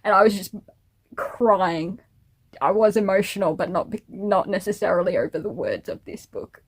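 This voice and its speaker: A woman's voice: mid-range voice, lively intonation, moderate pace, breathy edge. A young woman chatting casually to camera in a vlog, rambling and laughing at herself, a little teary. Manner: rambling, self-amused, giggly. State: teary and emotional. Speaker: vlogger.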